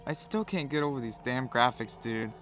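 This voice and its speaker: A man's voice: medium pitch, expressive, normal speed, fairly bright tone, faint music behind. A man with a cold giving profane, joking play-by-play commentary while playing a game. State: has a cold. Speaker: gamer commentator.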